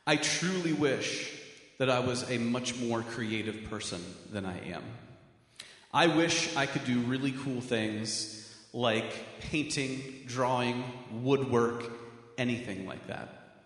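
A man's voice: mid-range voice, slow pace, fairly bright tone. A man preaching a sermon as pastor, earnest, stressing his questions with a rising voice. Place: church sanctuary with a mural. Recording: echoey hall.

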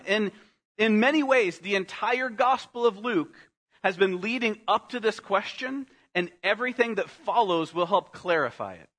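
A male pastor preaching a sermon, earnest, slowing down and dropping to a soft voice on key phrases, calling his listeners "guys". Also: sits high. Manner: earnest, slows down and drops softly on key phrases; addresses congregation as "guys".

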